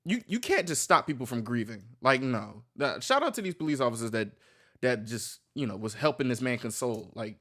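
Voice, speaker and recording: Male reaction streamer, animated delivery, rambling with frequent restarts. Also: medium pitch, brisk. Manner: loose and rambling, many restarts, swears freely. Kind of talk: casual reaction commentary.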